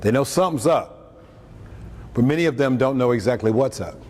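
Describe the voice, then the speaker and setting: A man's voice: mid-range voice, animated, brisk, a little mellow. A man preaching on scripture in a conversational way, with joking asides and acted-out quotes. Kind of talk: lunchtime talk on scripture. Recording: echoey hall, faint room noise, mic at a distance.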